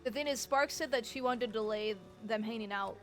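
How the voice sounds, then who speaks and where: A woman streamer chats casually with her viewers about her role-play character, talking to chat and swearing freely. Her voice is a little high with a fairly bright tone and a fairly quick pace, and faint music plays behind her.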